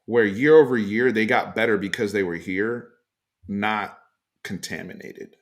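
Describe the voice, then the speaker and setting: A man hosting a casual sports talk show, giving emphatic opinions in a loose, animated way with frequent fillers. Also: on the low side, measured pace. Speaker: sports podcast host.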